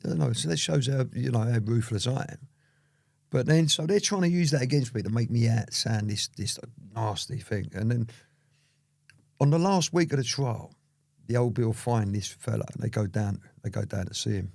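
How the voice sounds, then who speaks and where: A man's voice: medium pitch, normal speed, creaky, a little mellow, no echo, clean studio sound. A man, an interview guest telling his story in a rambling, casual way full of "you know".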